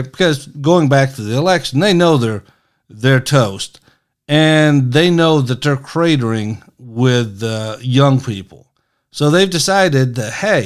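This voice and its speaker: A middle-aged man hosts an informal commentary show in a folksy, sarcastic voice. He mocks his targets with a mid-range pitch and a loose, chatty rhythm. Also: animated, measured pace. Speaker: political commentary host. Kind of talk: casual political commentary.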